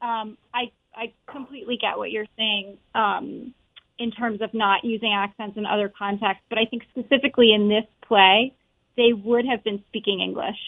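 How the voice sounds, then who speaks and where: Over a tinny line that sounds like a phone, a woman who acts on stage chats earnestly as an interview guest, using lots of fillers in a casual conversation. Her medium-pitched voice holds a steady tone at a moderate pace, and the recording is dry.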